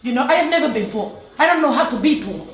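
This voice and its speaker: A woman's voice: high-pitched, lively intonation, fast. A woman from Nigeria speaking up from the audience at a panel, emphatic and laughing as she talks, with many restarts. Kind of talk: impassioned comment from the floor. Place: university lecture hall. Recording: echoey lecture hall.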